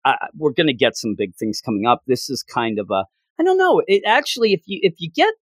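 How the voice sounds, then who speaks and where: Guy on a podcast gushing about a chapter, kinda high voice that jumps all over, super dry close sound. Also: a little fast, slightly rough, dry recording. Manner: animated, excitable retelling with playful voices for characters. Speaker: podcast co-host reviewing manga chapters. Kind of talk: casual chat.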